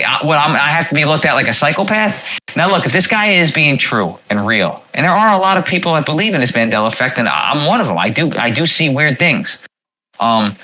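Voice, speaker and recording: A man's voice: a little high, pushed and bright, low-quality recording. A man hosting a casual livestream, rambling with many fillers and repeats. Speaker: livestream host.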